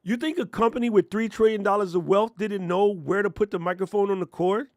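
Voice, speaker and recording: In a high, steady, darkish voice, this male tech streamer talks briskly, recorded clean in a studio with no echo through a lapel mic on his chest. During his casual livestream tutorial he rants, jokes sarcastically and puts on mocking voices, muttering in a relaxed way as he works the computer.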